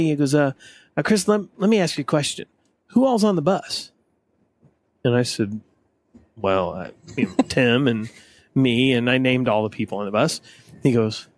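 A man co-hosting a podcast, telling a story in casual chat and acting out the quotes. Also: on the high side. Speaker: podcast co-host.

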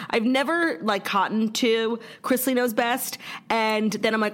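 A woman's voice: fairly high pitch, normal speed. A young woman co-hosting a podcast in casual chat, talking loosely with lots of fillers and some swearing, while getting over a stomach illness. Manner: chatty, many fillers, swears freely. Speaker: podcast co-host.

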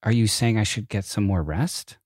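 A man's voice: on the low side, normal speed, a little mellow, no room sound, studio quality. Man ranting in exasperated questions. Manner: rambling, exasperated rhetorical questions. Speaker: podcast co-host. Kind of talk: casual chat. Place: in bed at home.

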